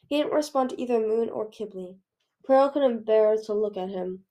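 A woman reading a fantasy novel aloud in an earnest, expressive way. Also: medium pitch. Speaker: audiobook reader. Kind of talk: storybook read-aloud.

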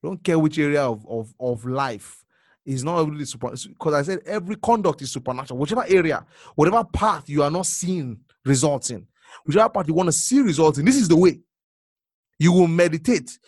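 Dynamic preacher man, hushed to booming. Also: lively intonation, a little fast, dry recording, studio quality. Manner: repetitive, swings from hushed to loud exclamations. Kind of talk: sermon.

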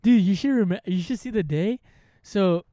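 A young man telling work stories in loose, slang-heavy chat, swearing often. His voice is mellow and dark, a little higher than most men's. The sound is close and dry. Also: normal speed, no echo. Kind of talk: casual chat.

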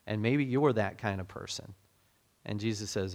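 A man preaching a sermon in a relaxed, conversational way, with frequent fillers and restarts. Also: on the low side, normal speed. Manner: conversational, self-deprecating, many fillers and restarts. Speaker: pastor.

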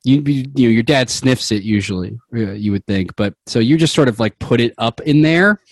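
A man's voice: medium pitch, a little fast, dry recording. A young man running a tabletop game as game master, rambling and laughing as he narrates.

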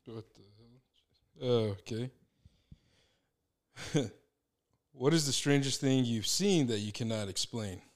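A man's voice: medium pitch, takes it slowly, long pauses. A young man co-hosting a podcast, telling a story in loose, rambling casual chat and laughing often. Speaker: podcast co-host.

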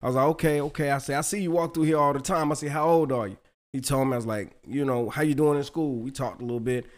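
A man's voice: medium pitch, fast talker. A middle-aged man co-hosting a podcast, chatting casually and telling stories with frequent laughter and swearing. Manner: animated storyteller, laughs often, swears freely. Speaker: podcast co-host. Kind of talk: casual chat.

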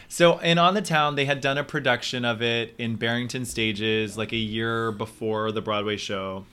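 Bright-voiced man telling a story. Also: medium pitch, a little slow, clean tone. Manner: animated storyteller acting out quotes. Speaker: Broadway performer. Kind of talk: casual chat storytelling.

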